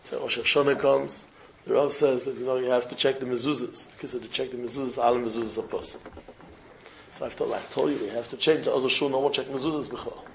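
A rabbi with a medium-pitched, steady, gravelly voice speaks fast in a Torah lecture, telling a parable and repeating phrases for emphasis. He weaves in Hebrew and Yiddish terms, and the low-quality recording has a little hiss or hum.

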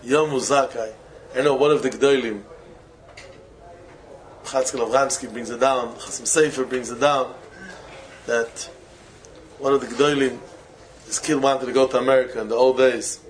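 A man, a rabbi, giving a Torah lecture in English full of Yiddish and Hebrew terms, with non-native phrasing, slowing to chant key phrases and breaking into sudden high exclamations. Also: fairly even intonation, a little hiss or hum, rough recording. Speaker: rabbi teaching students. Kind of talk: Torah lecture to young men.

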